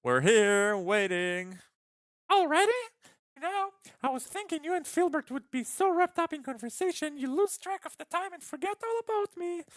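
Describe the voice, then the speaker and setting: A chatty, teasing woman friend from a visual novel speaks in a high sing-song falsetto, as a man puts her on. The voice floats far above a man's usual range. The sound is dry and close. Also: very animated, moderate pace, a bit bright, dry recording, exaggerated voice.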